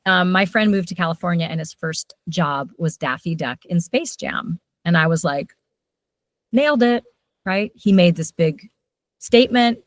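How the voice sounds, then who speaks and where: Recorded with no room sound, this lowish female voice belongs to a middle-aged voiceover coach. She tells stories with animation during a casual interview, quickly shifting how loud she speaks.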